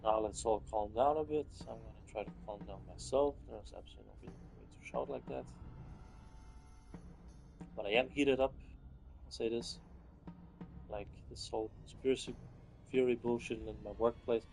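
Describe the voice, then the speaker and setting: A young man giving casual, profane commentary while playing a game, lurching from loud angry outbursts to low muttering. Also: normal speed, gravelly, pauses often, faint music behind, poor audio.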